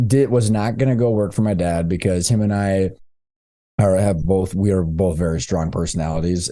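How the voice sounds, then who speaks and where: Thirties male guest, low mellow voice, candid loose storyteller, casual podcast chat. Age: 30s. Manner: candid and loose, with slangy asides and frequent restarts.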